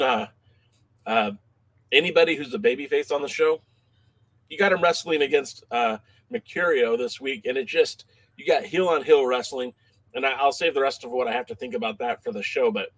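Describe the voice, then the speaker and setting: A man co-hosting a wrestling podcast in casual chat, animated and quick to laugh, reading out listener comments. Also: mid-range voice, no echo. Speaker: podcast co-host.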